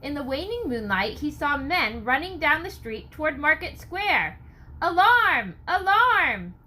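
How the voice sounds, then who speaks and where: A woman narrating a historical novel audiobook, reading expressively and acting out the characters' lines. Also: normal speed. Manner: expressive, raises pitch for shouted lines.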